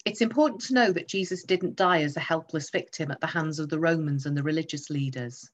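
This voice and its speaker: A woman's voice: sits low, brisk. Emphatic woman preaching a sermon. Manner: emphatic, teaching with rhetorical questions.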